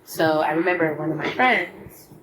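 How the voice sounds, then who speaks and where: A young woman with a low, soft voice tells a personal story in a casual storytime vlog. She talks haltingly, often sinking to a near whisper. A steady noise runs under the recording. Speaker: vlogger.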